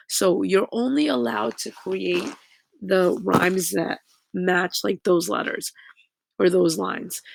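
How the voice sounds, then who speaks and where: A woman's voice: medium pitch, gravelly, no room sound. A woman teacher giving a recorded lesson to her students, explaining patiently, with frequent fillers and "okay?" check-ins.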